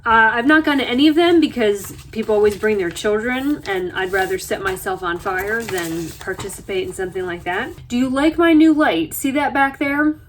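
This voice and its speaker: A woman vlogger from the United States talking in a chatty, self-deprecating way, telling stories with lively asides. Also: mid-range voice, normal speed, hardly any pauses, a little hiss or hum. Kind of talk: casual chat. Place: RV interior.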